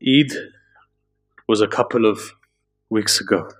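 A man's voice: slightly rough, soft background music. Impassioned male preacher. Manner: builds to high, impassioned pleading in stories; slow, drawn-out emphasis. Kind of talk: emotional religious sermon.

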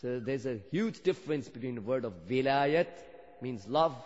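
Preacher with a long hall echo. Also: male voice, mid-range voice, lively intonation, moderate pace, a little mellow. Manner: storytelling, rising to fervent emphasis. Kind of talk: sermon. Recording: dull sound with long hall reverb.

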